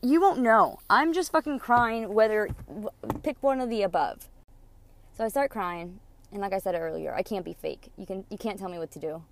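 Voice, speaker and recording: A woman's voice: mid-range voice, animated, moderate pace, slight background noise. A woman, a mother, telling her own story in a candid storytime monologue. She is blunt, swears freely and acts out what others said. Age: adult mother. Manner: blunt, profane and emotional, quoting others in dialogue.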